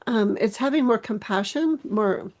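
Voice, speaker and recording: A woman hosting a podcast interview, speaking in a thoughtful, measured way. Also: medium pitch, animated, a little mellow. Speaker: podcast host.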